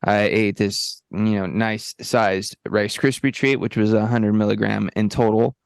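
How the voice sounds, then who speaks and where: A man co-hosting a podcast in a laid-back, casual chat, high on edibles, peppering his talk with "bro" and "you know what I mean". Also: fairly even intonation, unhurried, gravelly, clear, resonant tone, no room sound, studio quality. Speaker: podcast co-host.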